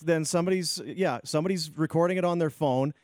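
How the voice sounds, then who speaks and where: A man's voice: fairly high pitch, quick pace, darkish tone, no echo, studio quality. A man hosting a casual radio chat, joking and teasing his co-host.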